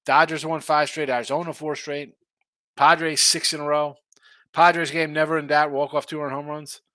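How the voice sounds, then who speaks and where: A man's voice: a little high, little pitch movement, moderate pace, bright, forceful tone, dry recording. A man hosting a sports betting live stream, rambling and thinking aloud in casual chat. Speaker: sports betting show host.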